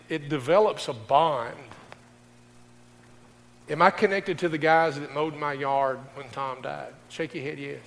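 A man's voice: mid-range voice, creaky, fairly bright tone, slight background noise. A middle-aged male pastor preaching a folksy sermon, speaking directly to his congregation. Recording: distant voice in a reverberant hall.

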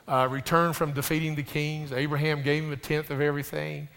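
A man preaching a sermon to his congregation, stumbling over restarts and building to loud, rising emphasis. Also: on the high side, little pitch movement, fairly quick, vocal fry, few pauses. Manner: addresses the congregation directly. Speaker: pastor. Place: church sanctuary. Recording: preached in a reverberant hall.

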